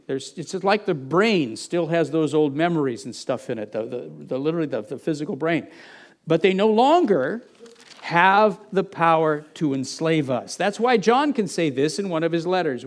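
A middle-aged male pastor preaching a conversational sermon, with frequent restarts and asides to the congregation. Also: fairly high pitch.

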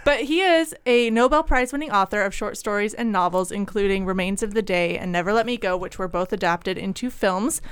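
A woman's voice: mid-range voice, moderate pace, clear, resonant tone, no room sound. A woman co-hosting a podcast in casual chat, easygoing and laughing often. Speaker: podcast co-host.

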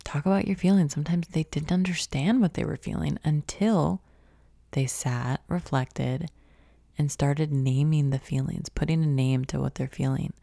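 Low, gravelly woman talking self-help. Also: moderate pace, dark tone, dry recording, clean studio sound. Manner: conversational, asks many questions, drops to a whisper at times. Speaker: podcast host. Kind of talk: reflective self-help talk.

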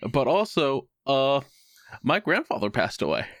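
A man on a podcast, telling a personal story in casual chat with a wry tone and quick put-on voices for other people. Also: medium pitch, big pitch swings, a bit bright, no room sound, studio quality. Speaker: podcast co-host.

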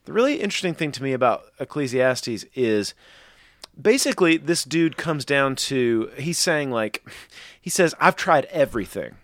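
A man's voice: medium pitch, sing-song, moderate pace, no echo, clean studio sound. A man talking earnestly in a faith podcast discussion, rambling with restarts and strong emphasis.

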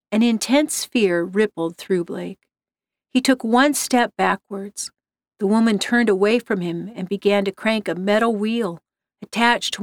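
A woman reads a story aloud in a steady, measured way, at a middle pitch. The sound is dry and close to the mic, with no room around it. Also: no echo. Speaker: narrator. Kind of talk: storybook narration.

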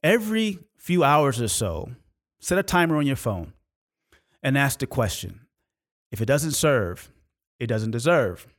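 A man from California speaks with emphatic, motivational energy, leaning into repeated phrases and dramatic pauses. His voice sits at an ordinary middle pitch as he tells a personal story. It is a podcast host's intense, preachy delivery. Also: very animated. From California, USA. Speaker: podcast host.

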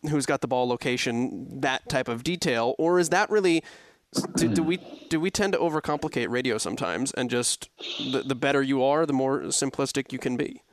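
A man's voice: medium pitch, brisk, no echo. A man interviewing a guest, thinking aloud and rephrasing his questions as he goes.

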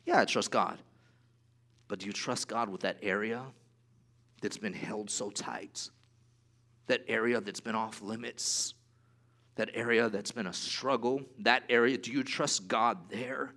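A man preaching a sermon to his church, swinging from hushed asides to raised exclamations and acting out little dialogues in different voices. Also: lowish voice, unhurried. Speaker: pastor.

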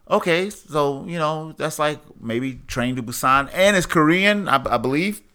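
A man's voice: mid-range voice, expressive, a little fast, hardly any pauses, bright, forceful tone. A man hosting a casual movie-review podcast, joking around and hyping up his co-host and guests.

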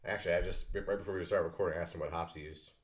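Deep-voiced, low-key man. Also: fairly even intonation, very fast. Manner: dry, low-key, tasting notes. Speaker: podcast host. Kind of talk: casual chat.

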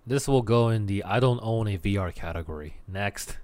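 A man with a somewhat low voice co-hosting a relaxed gaming podcast. He mostly keeps his lines brief, wry and dry. He steers the conversation along in an easy, offhand way. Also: normal speed, slight background noise. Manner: wry, short quips. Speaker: podcast co-host and streamer. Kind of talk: casual gaming chat.

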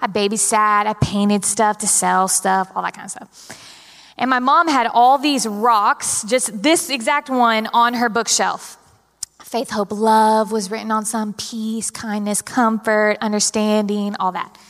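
A young woman preaching a sermon in a large church, telling stories with animated, dramatic delivery. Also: medium pitch, unhurried. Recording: long hall reverb.

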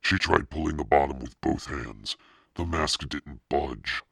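A man voicing Satan as a demonic podcast narrator, reading a spooky children's story in a slow, menacing drawl with a husky, gravelly voice. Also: fairly bright tone, no echo, clean studio sound, heavily acted. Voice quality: extremely deep, gravelly and husky. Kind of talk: scripted narration.

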